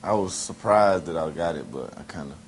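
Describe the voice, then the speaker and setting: Teen guy super deep voice, shy short answers, noisy room. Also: brisk. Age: teens. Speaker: student interviewee.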